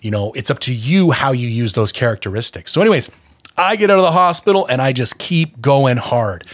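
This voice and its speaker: A man's voice: medium pitch, lively intonation, brisk, no room sound. A man hosting a podcast, telling his own recovery story bluntly and with plenty of swearing. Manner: blunt, profane, intense storytelling. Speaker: podcast host.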